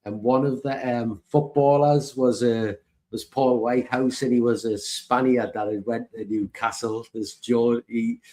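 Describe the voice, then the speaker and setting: A man's voice: medium pitch, steady tone, unhurried, mellow. A man from northern England co-hosting a casual podcast, chatty and laughing at his own stories. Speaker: podcast co-host. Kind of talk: casual chat.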